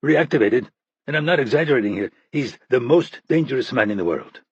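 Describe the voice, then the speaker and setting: A man voicing a stressed CIA Russia chief with a faint Russian accent, agitated and blunt, in a husky voice. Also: medium pitch, animated, a little fast, no room sound, highs cut off. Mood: grim. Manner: agitated, swearing.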